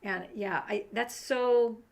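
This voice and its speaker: A woman's voice: a little high, takes it slowly, creaky. Effusive woman in casual chat.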